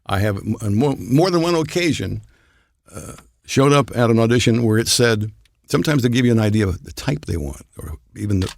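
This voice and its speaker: Older male voice actor guest, gravelly, anecdotal and chuckling, dry booth. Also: medium pitch, animated, brisk, a little mellow, no room sound. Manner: rambling anecdotal storytelling with chuckles. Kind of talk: casual podcast chat.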